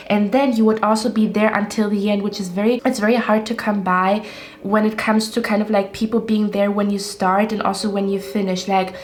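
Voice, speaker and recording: Woman doing a tarot reading, flat even voice, lots of like and um, talks right to you. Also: medium pitch, moderate pace. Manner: rambling, reassuring, addresses viewers directly. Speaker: tarot reader.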